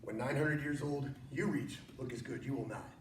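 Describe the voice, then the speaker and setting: A man's voice: medium pitch, normal speed, a little hiss or hum, voice pushed down, lightly acted. A man doing an impression of an ancient, wise, small alien master who speaks in inverted word order. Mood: sage. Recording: echoey room, mic at a distance.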